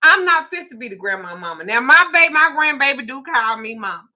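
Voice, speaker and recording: A woman's voice: high-pitched, expressive, a little fast, pushed and bright. A grandmother talking casually, blunt and profane, laughing as she tells stories. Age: older. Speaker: host. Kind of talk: casual chat.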